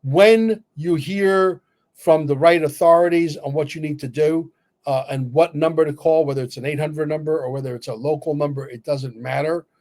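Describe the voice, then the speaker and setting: A man co-hosting a livestream, talking bluntly and emphatically, cursing and filling pauses with "uh". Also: a little high, fairly even intonation, darkish tone. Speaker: livestream co-host. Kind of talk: opinionated livestream talk.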